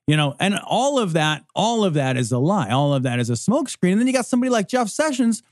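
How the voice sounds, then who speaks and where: A man co-hosting a podcast in a fairly high voice. He swears freely and mocks his targets. The recording is dry and close, with no room sound. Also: fast, no room sound. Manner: profane, animated, mocking. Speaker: podcast co-host. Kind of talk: casual political chat.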